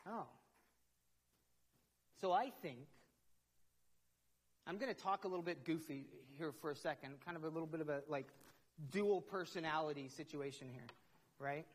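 A man's voice: fairly high pitch, moderate pace, long pauses. A middle-aged man, preaching a conversational sermon as a pastor, asking himself questions and repeating words as he builds up. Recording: long hall reverb.

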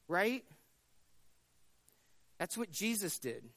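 A man's voice: sits high, moderate pace, a bit bright. A man preaching a sermon in a conversational way, often repeating words as he talks and acting out the voices in his story.

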